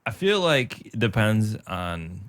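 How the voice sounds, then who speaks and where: Male comedian from Michigan, podcast guest, rambling jokey riffs, lower voice. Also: big pitch swings, slow pace, fairly bright tone. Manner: rambling, joking, swears. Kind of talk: casual chat.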